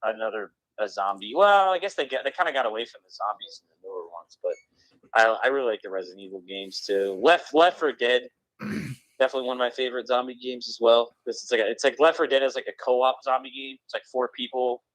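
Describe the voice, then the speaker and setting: A man's voice: mid-range voice, lively intonation, fast, fairly bright tone, no echo, low-quality recording. A young man chatting casually about video games, rambling with lots of restarts.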